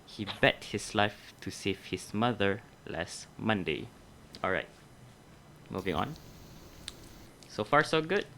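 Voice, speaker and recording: A man's voice: lowish voice, very animated, slow pace, long pauses, pushed and bright. A young adult man teaching a grammar lesson, explaining methodically step by step and correcting himself along the way.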